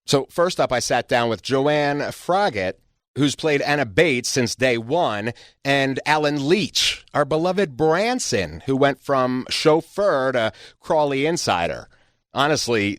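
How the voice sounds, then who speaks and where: A man's voice: mid-range voice, expressive, measured pace, dry recording. Man, entertainment show host, upbeat and joking, mid-range voice, dry close sound. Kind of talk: entertainment interview and host segments.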